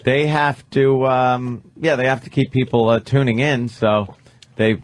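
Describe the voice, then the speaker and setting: Slow-talking deadpan radio co-host. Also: male voice, mid-range voice, a little hiss or hum. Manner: laid-back, deadpan jokes. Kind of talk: casual morning radio banter.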